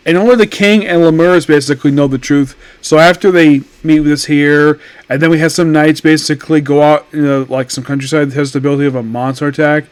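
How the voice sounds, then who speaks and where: A man's voice: on the high side, fast, hardly any pauses, clear, resonant tone, no room sound. Rambling male anime reviewer. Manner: rambling, self-correcting, animated. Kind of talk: casual review talk.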